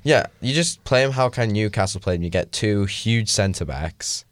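A man's voice: fairly low pitch, expressive, moderate pace, no room sound. A young man co-hosting a podcast in casual chat, laid-back and agreeable with casual slang. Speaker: podcast co-host.

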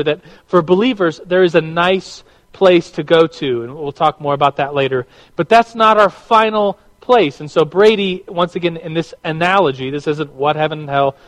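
A man's voice: on the high side, poor audio. A man teaching a church class to a live room, conversational and prone to repeating his words.

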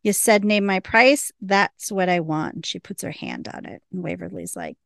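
A woman's voice: fairly low pitch, moderate pace, creaky, a bit bright, no echo, studio quality. A woman casually recapping a TV episode, retelling scenes and quoting the characters in a chatty way. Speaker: podcast co-host.

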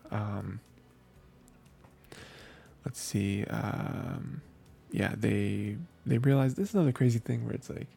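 A man co-hosting a podcast, reviewing an anime in a loose, rambling way, full of fillers and quick quoted asides. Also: on the low side, creaky, warm tone, husky. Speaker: podcast co-host. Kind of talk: casual anime review chat.

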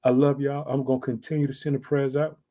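A man preaching an online sermon with emphatic asides, swinging between loud and soft, drawing out key phrases slowly. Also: mid-range voice, little pitch movement. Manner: emphatic, repeats "guess what" and "check it out".

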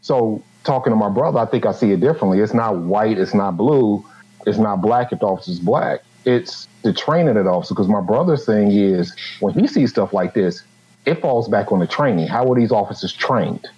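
A man with a fairly low, mellow and husky voice talks through his views in a relaxed panel chat. The sound is a bit dull and lo-fi. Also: fairly quick. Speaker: comedian guest. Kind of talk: casual panel discussion.

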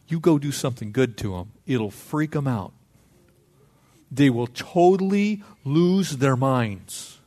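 A middle-aged man preaching a sermon, lively and conversational, acting out little dialogues. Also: medium pitch. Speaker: pastor.

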